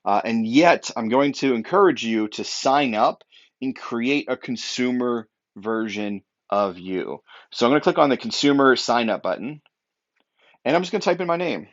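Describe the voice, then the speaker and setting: A man's voice: medium pitch, animated, moderate pace, lo-fi sound. A young man, an upbeat real estate technology trainer, giving an emphatic walkthrough with lots of fillers.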